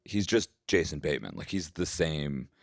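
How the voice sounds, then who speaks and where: A man co-hosting a film podcast in casual chat, building his points slowly with lots of "like". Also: very deep voice, sing-song, gravelly, dry recording, clean studio sound. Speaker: podcast co-host.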